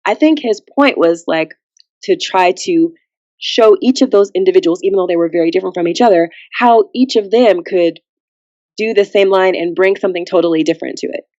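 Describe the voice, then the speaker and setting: A woman's voice: on the low side, brisk, dry recording, highs cut off. A woman guest on a podcast, chatting casually and acting out the people in her story. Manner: animated storyteller who acts out quotes.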